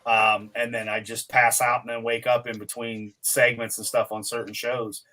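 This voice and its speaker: Bright-voiced man in his forties rambling. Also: mid-range voice, little pitch movement, normal speed. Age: 40s. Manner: rambling, full of fillers and restarts. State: tired, recovering from illness. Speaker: podcast co-host. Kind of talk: casual chat.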